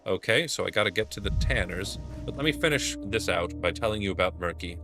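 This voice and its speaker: A man's voice: deep voice, animated, a little fast, music in the background. A man casually commenting on a video game and reading its dialogue aloud. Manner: rambling, reads dialogue aloud. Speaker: let's play gamer.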